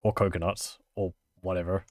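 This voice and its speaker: A man's voice: low-pitched, level tone, normal speed, no room sound, studio quality. A man playing a retro role-playing game and chatting casually with wry asides. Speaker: let's play gamer.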